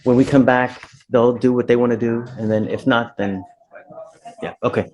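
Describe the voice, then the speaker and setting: Relaxed, chatty male judge. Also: medium pitch, normal speed, muffled recording, slight background noise. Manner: casual, chatty and informal from the bench. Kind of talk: courtroom docket hearing. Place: courtroom.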